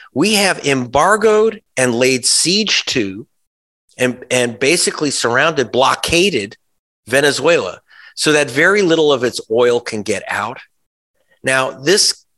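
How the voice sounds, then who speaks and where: A journalist appearing as a guest in a conversational interview speaks in a mid-range, slightly bright male voice. His tone is emphatic and sarcastic, full of restarts and asides.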